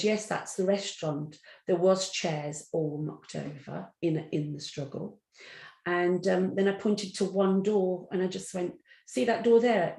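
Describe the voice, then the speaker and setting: A woman's voice: lowish voice, dark tone. A middle-aged woman, telling stories as a guest in an interview and acting out the voices in her anecdotes. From English Midlands. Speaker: guest psychic medium. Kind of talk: storytelling in an interview. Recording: roomy echo.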